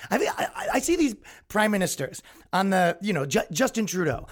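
A man's voice: high voice, big pitch swings, moderate pace. A young man hosting his own podcast, ranting in an exasperated comedic way and mocking people in put-on voices. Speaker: podcast host. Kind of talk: solo comedic rant.

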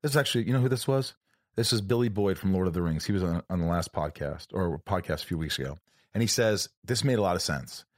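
A man's voice: sits low, animated, fast, dry recording, clean studio sound. A man hosting a casual podcast interview, rambling, joking and swearing freely. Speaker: podcast host.

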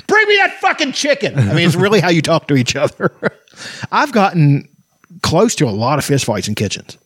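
A man's voice: mid-range voice, slightly rough, no echo, clean studio sound. Profane rambling man in casual chat. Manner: swears a lot, rambling stories, laughs often.

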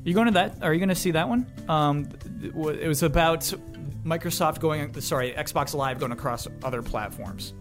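A man's voice: a little high, normal speed, over music. A man moderating a casual gaming podcast, joking and reading listener questions.

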